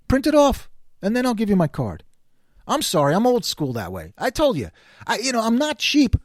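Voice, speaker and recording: Animated, high-pitched older man ranting. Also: no echo, studio quality. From New York City area. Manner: animated, sarcastic, exasperated complaining. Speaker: commentary show host. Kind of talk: casual ranting monologue.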